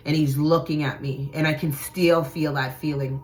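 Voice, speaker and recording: A woman's voice: low-pitched, fairly even intonation, moderate pace. A woman hosting a vlog, telling a frightening personal story in an intense, profane, dramatic way. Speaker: channel host.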